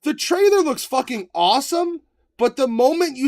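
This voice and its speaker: A man co-hosting a podcast, chatting casually, profane and animated, often acting out voices. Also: very high voice, normal speed, no echo, studio quality. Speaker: podcast co-host. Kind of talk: casual banter.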